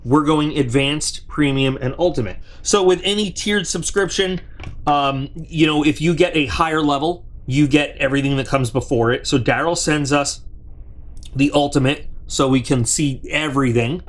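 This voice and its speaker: A man's voice: on the high side, moderate pace. Chatty man rambling through a review. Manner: rambling and chatty, with restarts and side remarks; talks straight to viewers. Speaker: product reviewer and channel host. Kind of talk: casual unboxing review.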